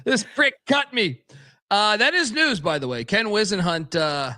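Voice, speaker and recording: High, bright-voiced man rambling casually. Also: animated, a little slow, no room sound, studio quality. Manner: rambling, profane, lots of fillers and restarts. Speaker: podcast co-host. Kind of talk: casual sports betting chat.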